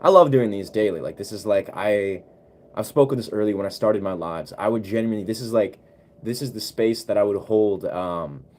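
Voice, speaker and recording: A man's voice: fairly low pitch, moderate pace, darkish tone. A man chatting casually on a live stream as a musician, laid-back and rambling with slangy asides. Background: keyboard music he plays.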